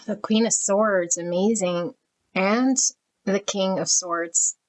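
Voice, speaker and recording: Taking it slowly with a steady, medium-pitched voice, a middle-aged woman reads tarot and gushes emotionally over each card she flips. The recording is rough.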